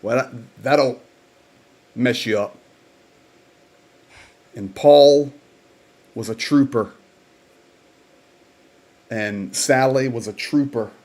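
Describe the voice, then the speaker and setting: A man hosting a livestream who tells his account slowly and earnestly. His voice sits at a middle pitch, and he takes his time with his words. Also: a little mellow. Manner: slow, earnest storytelling. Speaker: host. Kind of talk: livestream update.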